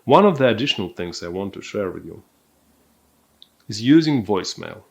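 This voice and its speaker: A man teaching a recorded dating course, speaking in a calm, deliberate, measured way. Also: on the low side, vocal fry. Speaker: dating coach.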